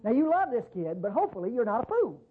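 A man's voice: very high-pitched, big pitch swings, quick pace, husky. A man preaching a sermon in a folksy way, with rhetorical questions and frequent restarts. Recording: tinny phone-like recording.

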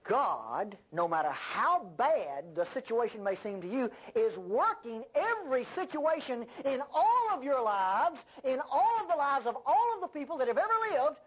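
An older woman preaching a sermon, with an animated delivery and folksy asides. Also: fairly high pitch, breathy edge. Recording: dull lo-fi sermon recording.

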